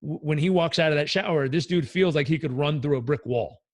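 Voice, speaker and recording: A man, a life coach, telling stories in a casual interview, energetic and blunt, swearing freely. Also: fairly high pitch, a little fast, no room sound.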